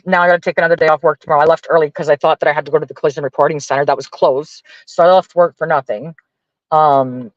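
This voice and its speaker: A fed-up man vents to his livestream chat, dropping curses and grumbling in a somewhat high voice. The sound is dry and close, with no room around it. The audio is a bit dull and lo-fi. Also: no room sound. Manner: profane, exasperated ranting. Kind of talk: casual venting to viewers.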